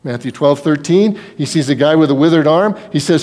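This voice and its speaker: A man preaching a sermon as pastor, telling Bible stories in a lively way and acting out the people in them. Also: on the high side, a little fast. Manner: storytelling, acts out Bible scenes in quoted voices.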